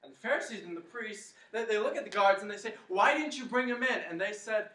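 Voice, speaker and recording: A man's voice: high voice, expressive, fast talker, sharp tone. A man preaching a sermon to his congregation, telling the story dramatically and leading them in a chant. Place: church hall. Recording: echoey hall, mic at a distance.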